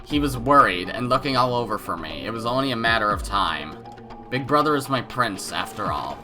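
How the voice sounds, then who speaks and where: A man's voice: mid-range voice, lively intonation, a little fast, over music. A man with a cold, hosting a let's play, reading game narration aloud with casual joking asides. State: has a cold.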